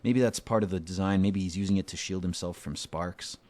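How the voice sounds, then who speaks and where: A man's voice: low voice, a little fast, warm tone, no room sound. A man giving casual, rambling commentary while playing a game, with many fillers. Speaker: gamer host.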